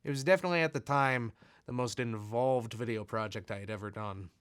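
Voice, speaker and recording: A man's voice: mid-range voice, fairly quick, fairly bright tone, clear, resonant tone, no echo, studio quality. A man who makes videos, chatting in an easygoing, self-deprecating way as he responds to fan letters. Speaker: video creator.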